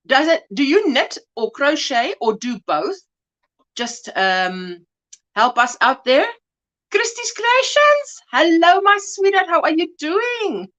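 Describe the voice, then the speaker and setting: A woman's voice: a little high, pushed and bright, dull audio. A woman hosting a crochet livestream, chatting casually as she greets viewers by name and calls them sweetheart. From South Africa. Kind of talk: casual livestream chat reading viewer comments.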